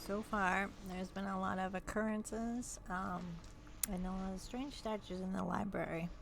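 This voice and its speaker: A woman's voice: medium pitch, fairly even intonation, moderate pace, gravelly, noisy background. A woman acting as game master, talking casually with hesitant fillers. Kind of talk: narrating a tabletop game.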